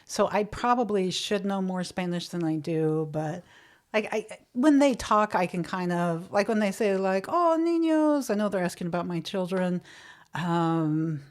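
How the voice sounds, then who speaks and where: Comedian co-host, late 30s woman, lower voice, rambling loose podcast chatter. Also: normal speed. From Florida. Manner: rambling, trails off mid-thought. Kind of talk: casual comedic chat.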